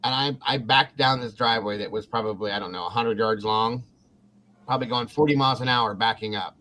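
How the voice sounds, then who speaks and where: A man with a mid-range voice, talking a little fast, hosts a casual Ohio-based talk show podcast. He's animated, swears liberally, and acts out the quotes in his story.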